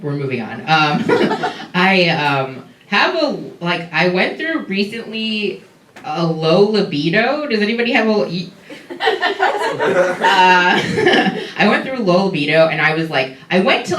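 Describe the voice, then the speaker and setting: A woman's voice: lowish voice, fairly bright tone, far from the mic, a little hiss or hum. A young woman doing a stand-up set, rambling and laughing through her lines with lots of fillers, in a comedy club. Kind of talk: stand-up set trying out jokes. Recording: echoey club recorded from afar, audience. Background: audience laughter.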